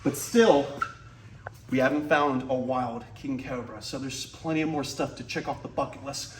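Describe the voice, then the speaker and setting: Excited man in a roomy reptile room. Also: medium pitch, normal speed, background noise. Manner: enthusiastic, talks to the snake. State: a little out of breath. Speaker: reptile keeper and vlog host. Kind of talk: casual vlog talk to camera. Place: reptile facility, indoors. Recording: roomy, from a distance, faint ambience.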